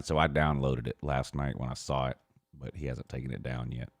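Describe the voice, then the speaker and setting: Male show host with a very deep voice, casual and mocking, reading viewer comments in a dry, close recording. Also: fairly even intonation, a little fast, no echo. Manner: mocking, laughs often while reading. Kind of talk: casual chat.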